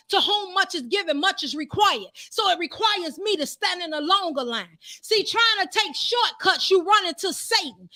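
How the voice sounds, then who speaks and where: Fervent high-voiced woman preaching. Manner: fervent, shouts praise, repeats phrases. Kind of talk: sermon.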